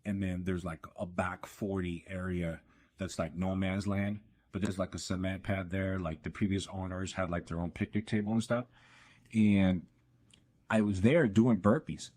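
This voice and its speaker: A man's voice: deep voice, little pitch movement, normal speed, darkish tone. A man hosting a podcast, telling a casual, profane, self-deprecating story. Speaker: podcast host.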